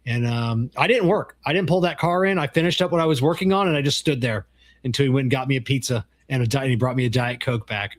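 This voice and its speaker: A middle-aged man in loose podcast conversation, his voice at an ordinary middle pitch. He tells stories with animation, acting out the lines of others, and swears freely. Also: fast. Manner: animated storyteller, acts out quoted dialogue, swears freely. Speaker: podcast co-host. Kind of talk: casual chat.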